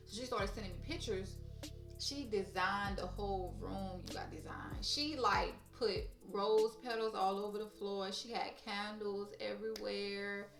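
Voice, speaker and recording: A woman's voice: medium pitch, fairly even intonation, a little slow, fairly bright tone, distant mic. A woman vlogger telling a story in casual chat, blunt and profane, talking straight to her viewers. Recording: roomy echo, off-mic, faint music.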